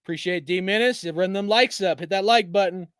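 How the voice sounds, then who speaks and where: A man's voice: high voice, fairly quick, a bit bright, clear, resonant tone, no room sound, studio quality. A man hosting a fan channel, ranting in a casual, heated and profane way, with many restarts. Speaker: sports fan channel host.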